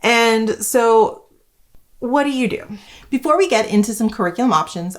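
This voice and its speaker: Soft music plays behind a woman in her thirties from Canada whose voice is a little high and expressive, at a normal speed. She vlogs casually to camera about homeschooling, rambling with many fillers.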